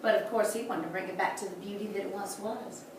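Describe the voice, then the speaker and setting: Leading a tour indoors through a large historic house, a woman speaks fast in a steady, mid-range voice, chatting and joking through folksy stories. Slight background noise comes through, and the echoey room is recorded from a distance.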